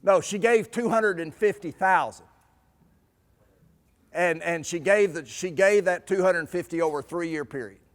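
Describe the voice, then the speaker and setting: A man's voice: high voice, a little slow. A man presenting a stewardship seminar, telling anecdotes and acting out the people in them. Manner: lively storyteller acting out quoted people. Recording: long hall reverb.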